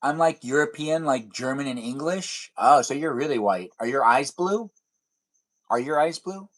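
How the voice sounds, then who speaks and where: A man's voice: medium pitch, expressive, moderate pace. A young man live streaming, chatting casually and teasing viewers as he reads their comments. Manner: playful, teasing, rambling.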